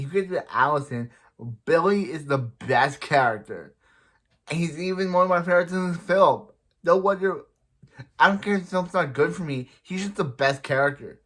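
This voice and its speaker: A young man giving a casual, rambling movie review, often restarting and paraphrasing characters in quick bursts. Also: mid-range voice, a bit bright.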